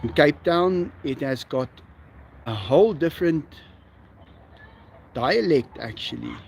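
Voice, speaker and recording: A South African man with an Afrikaans accent, chatting casually as he hosts a livestream. He talks slowly in a fairly high voice and laughs often. A faint hiss sits under the recording. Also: animated, creaky. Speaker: livestream host. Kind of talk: casual livestream chat reading viewer comments.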